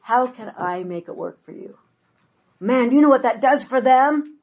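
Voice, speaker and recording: An older woman leads a parenting workshop, her voice soft and a little breathy. She tells stories with energy and slips into quoted voices as she goes. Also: on the high side, normal speed, poor audio. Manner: animated storyteller, acts out quoted voices. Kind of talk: workshop talk with anecdotes.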